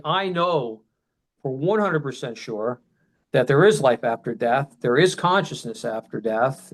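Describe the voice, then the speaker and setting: A middle-aged man recounts a personal memory at length, his voice sitting in an ordinary middle pitch. He rambles and circles back, restarts his sentences, and bursts into loud quoted shouts of what people said. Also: poor audio. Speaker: podcast guest. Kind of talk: emotional personal storytelling.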